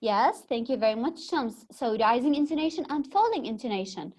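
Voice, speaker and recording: A woman's voice: fairly high pitch, animated, fairly quick, darkish tone. A young woman with an Egyptian accent giving a classroom lecture, patiently explaining terms and quizzing her students. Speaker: teacher.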